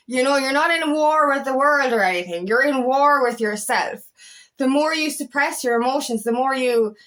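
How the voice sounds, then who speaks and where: A woman's voice: high voice, a bit bright. A woman coach talking candidly to camera in a rambling personal vlog, swearing freely and restarting her sentences often. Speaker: empowerment coach.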